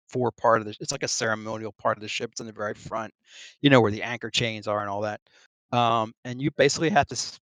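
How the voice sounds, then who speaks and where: A middle-aged man talking over an online voice call with a dry, close sound. He wanders through a long casual story, stopping for ums and small laughs. His voice sits at an ordinary pitch. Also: creaky, fairly bright tone, dry recording. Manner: rambling, full of ums and restarts, laughs between phrases. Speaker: Navy veteran guest.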